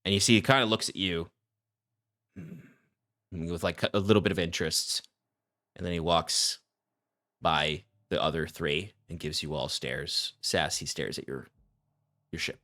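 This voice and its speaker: A man narrating as game master of a tabletop game with unhurried description. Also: low voice, pushed and bright.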